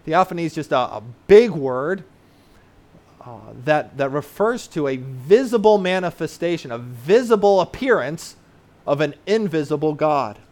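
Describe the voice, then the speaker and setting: Male pastor, sermon delivery, slightly high voice, earnest teacher, lots of "uh" and "right?". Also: lively intonation, moderate pace. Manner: explains terms plainly for children in the congregation.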